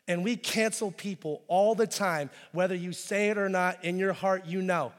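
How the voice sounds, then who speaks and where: A male pastor preaching a sermon, moving between quiet intense stretches and loud, pleading passages where he acts out voices. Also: high-pitched, fairly even intonation, normal speed, hardly any pauses, in a large hall.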